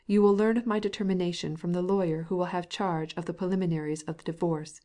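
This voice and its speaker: A woman's voice: fairly low pitch, fairly even intonation, fast, dark tone, natural voice. A woman reading a cold, angry middle-aged husband with a piping voice who stammers in anger.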